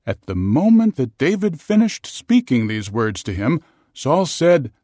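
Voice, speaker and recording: A man narrates scripture in a measured, storytelling manner. His pitch moves in a lively way from phrase to phrase, and the recording is dry and close. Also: dry recording.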